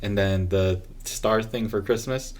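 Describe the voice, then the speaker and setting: A woman's voice: very deep voice, steady tone, measured pace, darkish tone. A woman co-hosting a podcast in casual chat, playful and fussy about how words are pronounced. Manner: playful, corrects pronunciations with emphasis. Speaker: podcast co-host.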